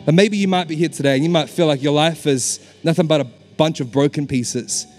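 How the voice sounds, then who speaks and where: A man's voice: on the high side, brisk, a little mellow. A pastor delivering an impassioned, emphatic sermon, often urging his listeners with "come on.". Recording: long hall reverb with faint music behind.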